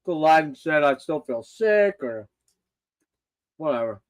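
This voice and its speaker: A man's voice: on the high side, animated, unhurried. An older man hosting a casual livestream, rambling and swearing with loose laughter. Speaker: host.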